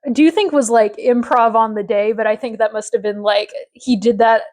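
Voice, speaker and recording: A woman with a high voice chats casually as a podcast co-host. She recaps an episode, laughs often, and slips into put-on voices when she quotes characters. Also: fairly even intonation, normal speed, darkish tone.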